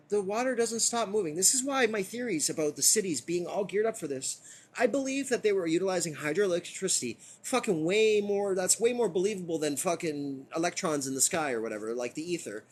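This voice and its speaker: A man reading a book aloud live in a relaxed, chatty way, and his voice sits on the high side. He drifts into rambling tangents, swears freely and laughs easily as he goes. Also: husky. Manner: rambling, profane, laughs often. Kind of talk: casual live reading with commentary.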